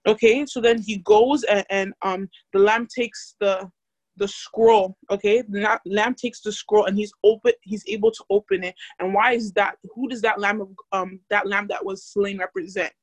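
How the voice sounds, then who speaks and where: A woman's voice: medium pitch, fairly even intonation, normal speed, dry recording. A young woman casually teaching a Bible study, chatty and full of fillers, asking the group questions.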